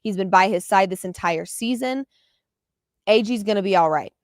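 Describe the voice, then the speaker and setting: A woman's voice: medium pitch, moderate pace, dry recording, clean studio sound. Passionate woman sports podcast host. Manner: passionate, openly emotional; animated, repeats words when excited. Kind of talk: postgame basketball commentary.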